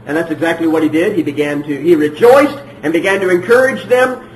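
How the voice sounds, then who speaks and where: A man preaching a sermon emphatically, repeating phrases and swinging between loud and hushed. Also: on the high side, a little fast, reverberant, slight background noise, poor audio.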